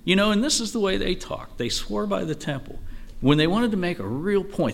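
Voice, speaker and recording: A man teaching an informal Bible study, reading verses aloud and explaining them in a relaxed, conversational way with frequent asides. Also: on the high side, measured pace, vocal fry, long pauses. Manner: conversational, lively, with frequent "you know" asides.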